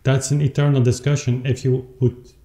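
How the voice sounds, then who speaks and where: Musician talking in a roomy room. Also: male voice, medium pitch, level tone, warm tone. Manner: thoughtful, halting, with many restarts while counting beats and playing. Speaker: musician explaining his recording. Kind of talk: informal spoken commentary on a piece. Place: room with his clavichord, playing between remarks. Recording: roomy home recording with instrument. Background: clavichord playing.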